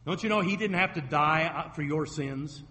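A man's voice: on the high side, moderate pace, sharp tone, long reverb tail. A man preaching a sermon as a pastor, retelling scripture stories vividly and acting out the quoted voices.

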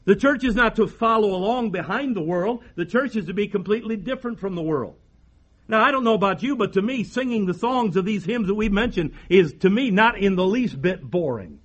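A man's voice: high-pitched, animated, a little fast. A man preaching a sermon as pastor, emphatic, repeating phrases and firing rhetorical questions at the congregation.

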